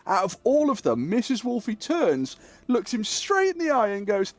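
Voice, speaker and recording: Animated man telling a story. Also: high-pitched, normal speed, no room sound. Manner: animated, acts out quoted people, swears freely. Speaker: streamer. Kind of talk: casual storytelling while gaming.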